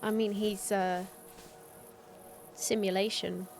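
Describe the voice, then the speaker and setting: A woman's voice: mid-range voice, little pitch movement, slow, gravelly, a little mellow. A woman streaming a video game, talking through the puzzles in casual commentary, thinking aloud and trailing off mid-sentence. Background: game music.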